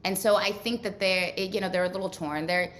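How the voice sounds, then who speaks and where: A woman's voice: mid-range voice, steady tone, a little fast, a bit bright. A woman from Ukraine, a guest in a casual interview, speaking earnestly in long run-on thoughts.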